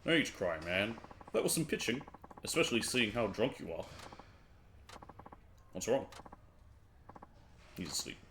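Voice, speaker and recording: An easygoing, polite grown man, read by a man voicing game lines. He stays calm and a little exasperated, his voice dropped a touch lower and softer. A faint hiss sits beneath it. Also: measured pace, long pauses, exaggerated voice. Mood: patient. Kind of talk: reading game dialogue aloud.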